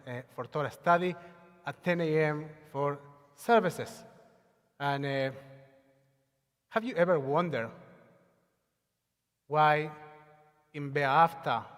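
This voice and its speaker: A man leading a Sabbath service, chanting Hebrew prayers and making announcements with many hesitations. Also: on the high side. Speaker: service leader. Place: synagogue sanctuary. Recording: long hall reverb on a livestream.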